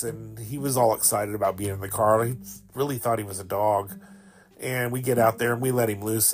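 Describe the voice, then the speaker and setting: A man in his fifties, a podcast host, telling rambling, sentimental stories about a childhood pet. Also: on the low side. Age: 50s. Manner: rambling, sentimental, with fillers and laughs. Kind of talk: casual storytelling monologue.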